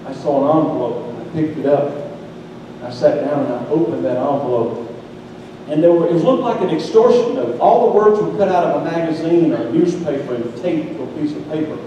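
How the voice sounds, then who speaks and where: A man with a Southern accent preaching a sermon as pastor, telling a story in a folksy way and rising to shouted emphasis. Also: fairly high pitch, moderate pace, slight background noise. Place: large church sanctuary. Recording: echoey hall recorded from far off.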